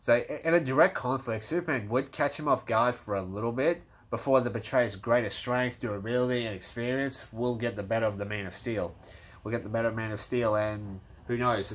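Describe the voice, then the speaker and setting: Man, lowish voice, casual fan commentary; stuttery, rambling, enthusiastic. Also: fairly even intonation, a little fast, slight background noise. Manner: rambling, frequent restarts and stutters. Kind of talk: casual fan debate monologue.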